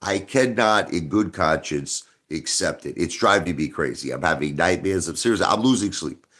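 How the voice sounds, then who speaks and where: A man's voice: deep voice, moderate pace, a bit bright. A man hosting a livestream, ranting emphatically and repeating himself as he speaks straight to a viewer. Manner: emphatic, repetitive, agitated, addresses a viewer directly. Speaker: livestream host.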